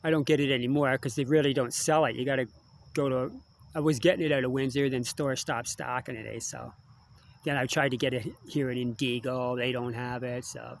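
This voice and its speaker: A man's voice: mid-range voice, fairly even intonation, a little fast. An older man talking in a rambling, casual monologue, digressing often and ending lines with tag questions. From Canada. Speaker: musician vlogger.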